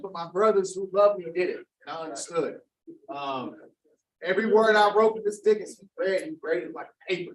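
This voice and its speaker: A man accepting an award, speaking haltingly and with feeling in casual slang. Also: high-pitched. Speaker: award recipient giving a speech. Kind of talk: emotional acceptance speech. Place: large hall. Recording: echoey hall, voice from far off.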